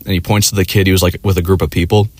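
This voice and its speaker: A man's voice: low voice, little pitch movement, rapid-fire. A man telling a rambling personal story in casual, profane language, laughing along as he goes. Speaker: vlogger.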